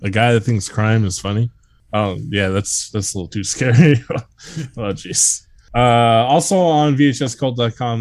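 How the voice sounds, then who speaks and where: A man's voice: mid-range voice, steady tone, unhurried, darkish tone, no echo. A man hosting a podcast in casual comedic banter, joking, swearing and laughing often. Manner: profane, jokey, laughs often. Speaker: podcast host.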